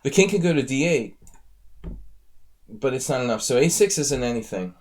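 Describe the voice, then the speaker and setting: A man's voice: mid-range voice, expressive, normal speed. A man coaching chess on a live stream, casually analyzing viewer games and thinking aloud as he talks to his audience. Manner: thinks aloud, chatty, addresses viewers directly.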